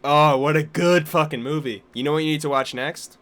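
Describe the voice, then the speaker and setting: A man's voice: on the high side, a little fast. A young man co-hosting a podcast, telling stories and ranting with lots of swearing in casual chat. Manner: profane, animated storytelling with rants. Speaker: podcast co-host.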